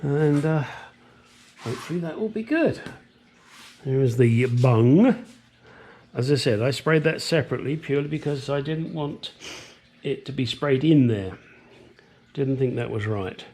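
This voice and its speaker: A man's voice: medium pitch, animated, a little slow, long pauses, a little mellow. Retired-sounding older man, casual workshop vlogger, blunt and chatty, goes off on tangents. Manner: chatty, blunt, rambling asides. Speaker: home mechanic restoring a car. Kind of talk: casual workshop vlog narration.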